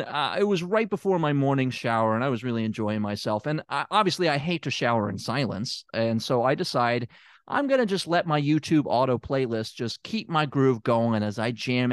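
A man's voice: mid-range voice, clear, resonant tone, no echo, studio quality. A man from Memphis, Tennessee, hosting a comedy podcast as a therapist, rambling and hesitant with many restarts. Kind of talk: improvised comedic monologue.

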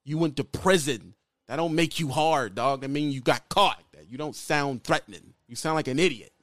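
A man's voice: on the high side, moderate pace, a bit bright, no room sound. A man ranting at another YouTuber in a blunt, mocking call-out, repeating his insults over and over. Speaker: YouTuber calling out another trucker. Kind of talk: heated call-out rant.

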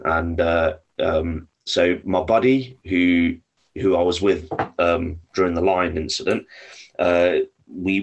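English man, low voice, husky, casual swearing storyteller, podcast guest. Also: highs cut off. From United Kingdom. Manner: swears freely, lively anecdotes.

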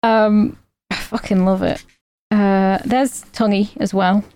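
A woman's voice: mid-range voice, steady tone, slow, dark tone, clean tone. A woman co-hosting a podcast, recapping a comedy film in casual chat, rambling with fillers and laughing as she goes. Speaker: podcast co-host.

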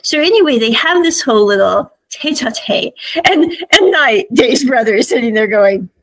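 A woman hosts a podcast and recaps a series in a loose, conversational way, narrating scenes and voicing the characters' lines. Her voice is slightly husky and breathy, and it sounds close and dry with no room around it. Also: a little high, expressive, normal speed, fairly bright tone, no room sound, rough recording. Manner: chatty retelling, acts out quotes with "he's like". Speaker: podcast host. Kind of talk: casual episode recap.

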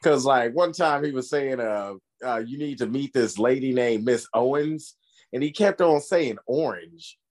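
A man co-hosting a podcast in casual chat, telling stories with lively impressions. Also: medium pitch, a little slow. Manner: animated storytelling with voiced impressions. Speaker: podcast co-host.

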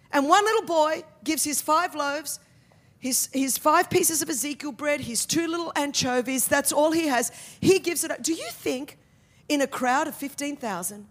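A middle-aged woman preaching a sermon with humor, building to loud, emphatic peaks. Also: high-pitched.

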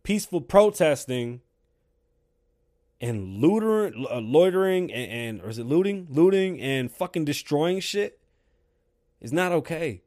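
Casting note: male host in a heated profane rant, slightly high voice, swings from loud bursts to low mutters. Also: very animated, a little slow, pauses often. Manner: heated, swears constantly, swings loud and quiet. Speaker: show host.

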